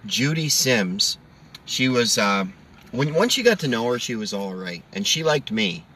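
A man's voice: mid-range voice, sing-song, a little slow, bright, forceful tone, far from the mic, slight background noise. A man hosting a casual comedy podcast, telling stories and acting out quotes in funny voices. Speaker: podcast host.

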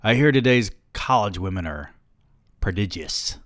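A man's voice: fairly low pitch, lively intonation, normal speed, fairly bright tone, no room sound, studio quality. A man voicing a cocky, druggy adult male friend who wisecracks in a smug tone. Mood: sardonic.

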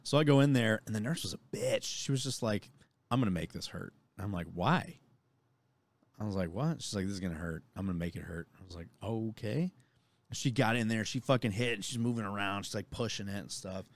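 A young man with a fairly low voice co-hosting a casual chat show. He tells stories loosely and swears often, in a relaxed, easygoing way. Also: fairly quick, dry recording. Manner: profane, storytelling, laid-back. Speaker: podcast co-host.

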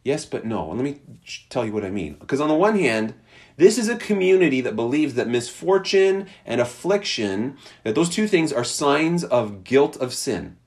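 Animated male preacher. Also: mid-range voice, normal speed. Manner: animated, conversational preaching with voiced quotes. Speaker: pastor. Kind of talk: sermon.

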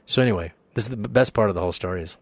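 A man's voice: on the low side, very fast, no echo. A male guest actor telling a story casually on a podcast, acting out other people's lines. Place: podcast studio.

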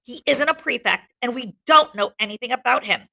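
A woman's voice: on the high side, brisk, creaky, sharp tone, voice pushed up, heavily acted. A woman voicing a boastful, hostile boy leader of hunters in a read-aloud novel, speaking defiantly and insistently.

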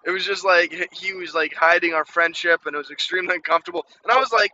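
A man's voice: sits high, quick pace, hardly any pauses, sharp tone, muffled recording, a little hiss or hum. A man from Ukraine telling a childhood story in a candid, rambling way, full of "you know" and "like". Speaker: storyteller sharing a childhood memory. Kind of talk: casual personal storytelling.

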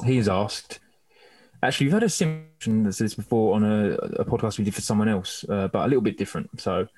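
Low-voiced man reading out questions. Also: fast talker, darkish tone. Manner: hesitant, lots of ums, friendly. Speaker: podcast co-host reading listener questions. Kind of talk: casual chat.

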